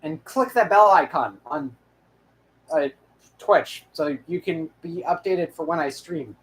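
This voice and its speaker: A young man with a high-pitched voice chats loosely to close out his channel's episode. He rambles, restarts his sentences and fills the gaps with ums and uhs. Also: measured pace, fairly bright tone. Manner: rambling, full of restarts and fillers. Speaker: channel host. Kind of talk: casual outro chat.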